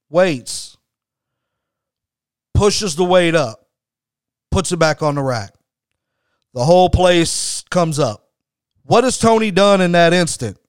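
A man with a fairly high, smooth voice tells a story for his podcast. He talks bluntly and hammers his points home with repetition and swearing. The sound is close and dry. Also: dry recording. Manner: emphatic, blunt, swears freely. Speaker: podcast host. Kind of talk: storytelling commentary.

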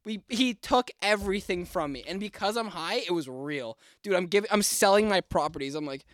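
A man's voice: high-pitched, fairly quick, no room sound, studio quality. A young man co-hosting a podcast, telling stories in a casual chat with lots of swearing. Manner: animated storytelling, swearing, mimicking his brother. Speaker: podcast co-host.

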